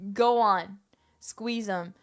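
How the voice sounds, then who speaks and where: A woman's voice: medium pitch, drawn-out words, noisy background. A young woman streaming, chatting casually in a playful, rambling way with theatrical bursts. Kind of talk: casual live-stream chat.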